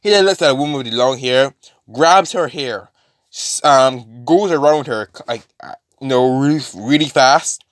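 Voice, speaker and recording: A man's voice: mid-range voice, moderate pace, dry recording, clean studio sound. A man casually retelling a fan-made story, rambling with many fillers and restarts.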